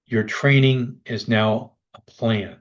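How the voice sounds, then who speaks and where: A man presenting a webinar pitch, persuasive and speaking straight to the listeners. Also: steady tone, takes it slowly, highs cut off. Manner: persuasive, addresses listeners directly.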